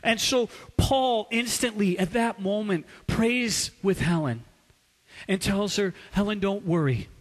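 A male preacher telling a story in a sermon, dramatic, swinging between loud and hushed. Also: high-pitched, slow pace. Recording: long hall reverb.

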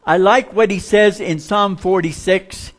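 A man preaching a sermon, telling folksy stories with humor and dropping to a hushed voice for suspenseful parts. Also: high voice, steady tone, unhurried.

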